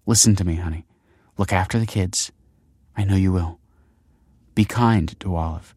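A man reading an audiobook, voicing a dying woman who speaks softly and tenderly to her husband. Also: sits low, moderate pace, breathy edge, dry recording, clean studio sound. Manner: soft, gentle, quavering. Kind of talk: audiobook character voice.

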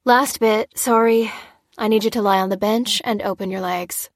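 A clipped, matter-of-fact female doctor, played by a woman reader. She is brisk and apologetic in a dry, close storybook reading. Her voice sits at a middle pitch. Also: fairly even intonation, dry recording, close to an everyday voice.

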